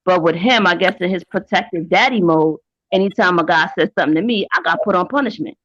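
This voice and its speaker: A woman's voice: fairly low pitch, animated, a little fast, a bit bright, no room sound, highs cut off. A woman speaking frankly and with emphasis on a panel, in candid casual chat with some profanity.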